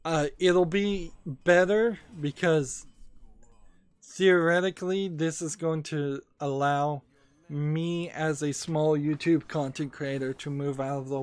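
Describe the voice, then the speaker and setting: A man's voice: fairly high pitch, fairly even intonation, a little slow. A man casually talking over his gaming video as a small YouTube creator, rambling and hesitant with many fillers, a little sleepy.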